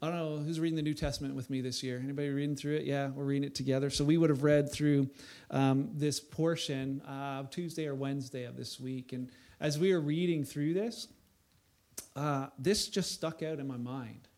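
A man preaching a sermon in a conversational way, building to loud emphatic bursts at times. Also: medium pitch, fairly even intonation, moderate pace. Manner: conversational preaching, voice rising to near shouts for emphasis. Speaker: pastor.

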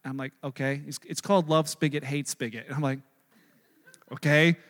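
A man in his thirties preaching a sermon, telling a story in a conversational, animated way with fillers and restarts. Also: medium pitch, fast talker. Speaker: pastor. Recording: long reverb of a large hall.

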